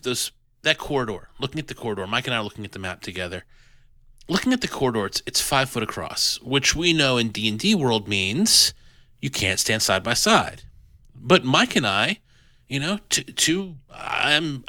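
A man hosting a casual podcast chat about a tabletop adventure, animated and self-deprecating, with many restarts. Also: mid-range voice, no echo. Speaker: podcast host reviewing an adventure.

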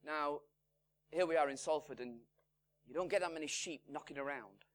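A man preaching a sermon, measured and emphatic, his voice swinging from strong lines down to hushed, quiet ones. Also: a little high. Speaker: pastor. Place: church in Salford.

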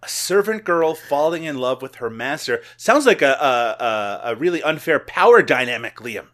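A man hosting a comedy movie podcast, playful and quick to laugh. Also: medium pitch. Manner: animated, laughs often, playful. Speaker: podcast host. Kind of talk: casual banter and movie recaps.

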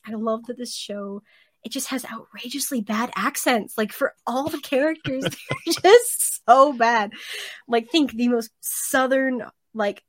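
A woman's voice: a little high, no echo. Chatty woman guest, casual, laughs easily, dry close sound. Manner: chatty, laughs often, lively retelling. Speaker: podcast guest, convention volunteer. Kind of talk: casual chat.

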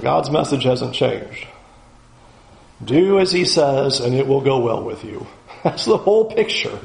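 A man's voice: medium pitch, sing-song, measured pace, gravelly, roomy sound, rough recording. A man preaching a sermon as a pastor, emphatic, repeating key phrases for stress.

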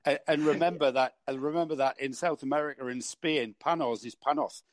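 A man's voice: fairly high pitch, fairly even intonation, a little fast, no room sound. Northeast English man, chatty commentator. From northeast England. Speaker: racing commentator. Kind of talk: casual panel chat.

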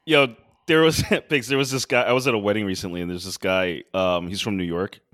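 A man co-hosting a podcast in casual chat, telling stories in an animated way and laughing often. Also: on the low side, a little fast, no echo, clean studio sound. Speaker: podcast co-host.

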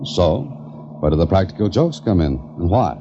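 An actor playing a wry, quick-witted writer and adventurer who also narrates, in a 1940s radio drama. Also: male voice, low voice, lively intonation, background noise. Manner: wry, ironic. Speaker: narrator and lead. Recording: dull old radio recording with faint music.

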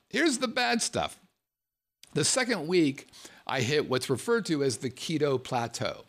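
A man spinning a casual, self-mocking story, his voice leaping up and down with lively swings in pitch. He swears freely as he talks. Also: a little slow, gravelly. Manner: animated, swears freely, jokes at himself.

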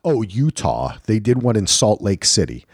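A low-pitched man co-hosting a podcast in relaxed, lively chat. He acts out quick back-and-forth exchanges as he talks. The recording is dry, with no room sound. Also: husky, no echo. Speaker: podcast co-host. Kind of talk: casual chat.

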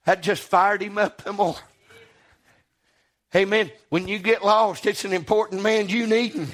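A man preaching a sermon, impassioned, dropping low and then rising to shouts. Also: steady tone, unhurried. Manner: impassioned, swings between hushed and shouting.

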